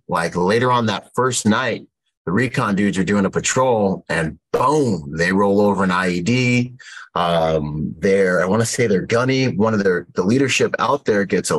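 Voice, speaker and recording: A man's voice: sits low, low-quality recording. A man, a podcast guest from the United States, telling a rambling war story in casual talk, full of fillers and quoted lines.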